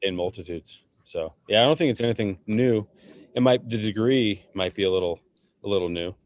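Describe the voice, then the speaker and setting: A man co-hosting a podcast, talking in a halting, reflective way with frequent fillers. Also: lowish voice, no room sound. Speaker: podcast co-host. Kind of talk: casual chat.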